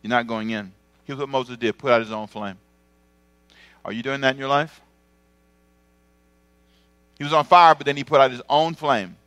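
A male pastor delivering a lively sermon in a mid-range voice. He moves from loud, emphatic calls down to quiet, confiding asides. The sound is close and dry, with a faint hum of mains electricity behind him. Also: medium pitch, no room sound. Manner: animated preaching, swings from loud exclamation to quiet asides.

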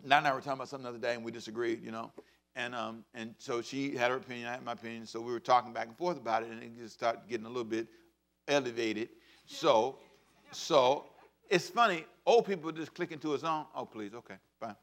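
A man in his fifties preaching a sermon as pastor, swinging between loud bursts and hushed asides. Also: medium pitch, steady tone, quick pace. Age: 50s.

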